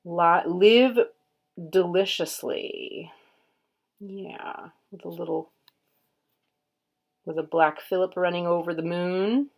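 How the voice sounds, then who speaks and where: A woman unboxing a card deck, murmuring card names in a soft, unhurried way and admiring the artwork. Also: on the low side, steady tone. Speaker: tarot reader and channel host. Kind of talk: casual unboxing commentary.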